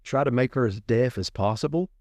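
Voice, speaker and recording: A man's voice: medium pitch, fairly quick, a little mellow, dry recording, studio quality. A man in his forties, a guest minister, telling a testimony story and often repeating his words as he retells what he said. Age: 40s.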